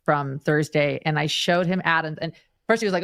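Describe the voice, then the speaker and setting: A woman's voice: sits low, steady tone, normal speed, fairly bright tone, dry recording. A woman co-hosting a show, telling a story in a chatty, rambling way with repeats and restarts.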